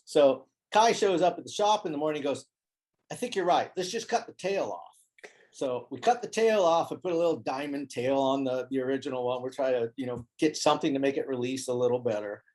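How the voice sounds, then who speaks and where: A man telling a story as an interview guest, animated and acting out the voices of people he quotes. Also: medium pitch, a little fast. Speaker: interview guest, foil board maker. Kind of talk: casual storytelling.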